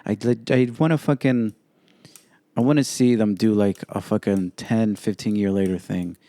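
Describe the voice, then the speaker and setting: A man's voice: lowish voice, fairly even intonation, measured pace, warm tone, no echo. A man hosting his own podcast solo, talking in a blunt, profane, opinionated way. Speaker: podcast host. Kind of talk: casual solo podcast commentary.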